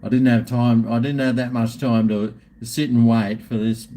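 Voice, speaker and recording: A man's voice: medium pitch, flat delivery, moderate pace, warm tone. A middle-aged Australian man hosting a live stream, rambling and swearing in casual banter with his viewers.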